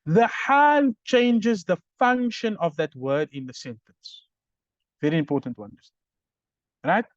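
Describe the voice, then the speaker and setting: A man's voice: high-pitched, a little slow, no room sound, dull audio. A man teaching Arabic grammar in a recorded lecture, explaining step by step and often checking understanding with "right?".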